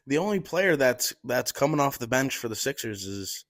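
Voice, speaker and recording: Man, storyteller, animated with swearing, medium pitch, dry recording. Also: normal speed, no echo. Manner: animated, swearing, laughing through stories. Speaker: podcast guest telling stories. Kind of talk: casual storytelling chat.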